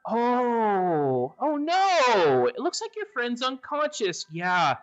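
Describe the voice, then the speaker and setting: A man's voice: extremely high pitch, huge pitch swings, slow pace, a bit bright, soft background music, voice pushed up, full character voice. A man voicing a chatty, polite male gargoyle who guards magic slides, talking in a fussy, apologetic way. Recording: dull lo-fi audio.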